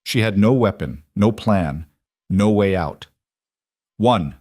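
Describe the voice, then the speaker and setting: A man narrating a dark crime story in a steady, measured way. His voice sits low, and the recording is dry and close with no room sound. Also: no echo.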